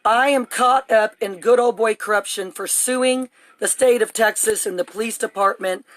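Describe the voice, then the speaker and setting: Upset woman on a phone livestream at home, rambling fast and urgent, dry close sound. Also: on the high side, a bit bright, no room sound. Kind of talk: live phone stream. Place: home, indoors.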